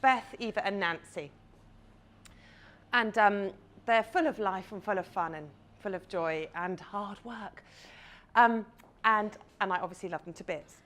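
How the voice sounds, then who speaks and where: A woman's voice: mid-range voice, a little slow, a bit bright. A woman in her thirties, a confidence coach, giving a chatty live talk and guiding listeners through an imagined scene.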